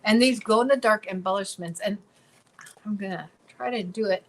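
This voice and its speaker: A woman's voice: mid-range voice, normal speed, low-quality recording. A woman co-hosting a casual craft tutorial, bubbly and chatty, often repeating her words as she works. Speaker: craft demonstrator and co-host.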